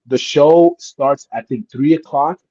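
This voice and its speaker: Animated man telling wrestling stories. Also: fairly high pitch, slow pace, dry recording, muffled recording. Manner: animated, acts out voices in his stories. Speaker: guest wrestler. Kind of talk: casual storytelling interview.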